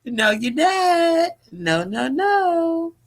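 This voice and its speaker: A woman vlogger in a casual commentary, loud and profane, talking straight to her viewers and breaking into shrieking laughter. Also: very high-pitched, very animated, very slow. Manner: slangy, talks straight to viewers as y'all.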